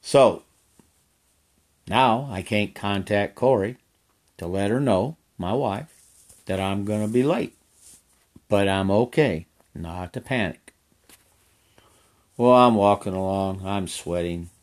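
Speaking slowly with long pauses, this older trail guide on horseback has a fairly low-pitched voice. His casual storytelling is folksy and wandering, full of repeated phrases.

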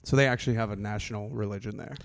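A man's voice: on the low side, fairly even intonation, rapid-fire, gravelly. A man hosting a podcast, chatting in an easygoing, joking way with his guest. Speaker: podcast host. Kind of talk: casual chat.

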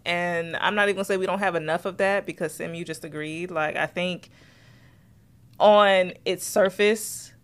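A woman's voice: lowish voice, steady tone, normal speed, smooth. A woman podcast co-host in casual chat, talking earnestly and building an argument.

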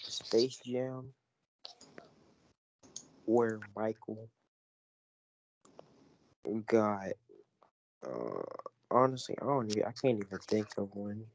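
A man's voice: lowish voice, animated, slow pace, creaky, pauses often, a little hiss or hum, rough recording. A young man co-hosting a casual podcast chat, joking around in slang and losing his train of thought. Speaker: podcast co-host.

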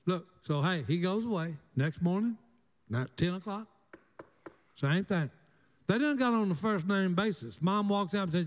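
An older man spins folksy tales in a high, animated voice. He drawls and acts out each character. His voice rings in a long reverberant hall. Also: moderate pace. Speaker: storyteller guest. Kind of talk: folksy storytelling.

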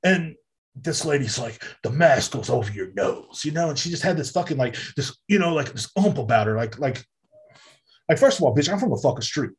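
A man's voice: on the high side, expressive, fairly quick, slightly rough. A man, hosting a podcast in a heated, profane solo rant. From Texas. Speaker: podcast host. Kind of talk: casual monologue.

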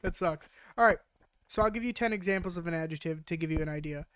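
Woman podcast host, casual and joking, slightly low voice, dry sound. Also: quick pace, clear, resonant tone, dry recording. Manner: joking, swears freely, laughs while reading. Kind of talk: casual chat.

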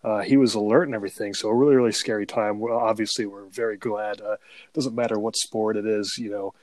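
A man's voice: lowish voice, fairly even intonation, quick pace, a little mellow. A man co-hosting a sports betting podcast, chatting casually and joking loosely. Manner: loose and joking, laughs through his bits.

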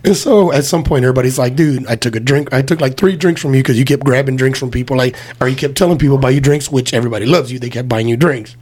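A man's voice: mid-range voice, fast, hardly any pauses, husky. A man telling profane drinking stories in casual podcast chat, acting out the quotes as he goes. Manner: profane, animated storytelling with acted-out quotes.

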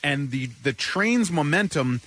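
A man's voice: on the high side, expressive, a little slow, a bit bright. A man co-hosting a radio show, eagerly explaining something in studio banter with restarts. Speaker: radio co-host.

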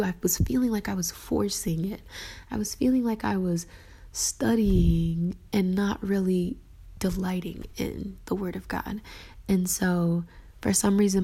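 A woman giving a casual devotional talk about her journaling, earnest and reflective, often dropping into a soft whisper. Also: medium pitch, vocal fry, breathy edge. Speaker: faith vlogger sharing her journaling.

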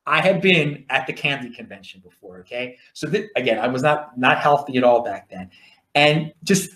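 In an echoey room, a livestream host with a Baltimore accent rambles through stories for his viewers in a casual monologue. His mid-range, slightly bright voice has lively intonation and a moderate pace, and he keeps repeating and restarting words.

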